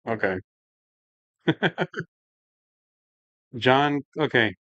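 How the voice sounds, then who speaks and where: A man's voice: medium pitch, lively intonation, extremely slow, fairly bright tone, no room sound, muffled recording. A man hosting a home brewing livestream, chatting casually and rambling, saying "like" and "man" a lot while he works and answers the chat. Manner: laid-back, rambling, says "like" and "man" a lot.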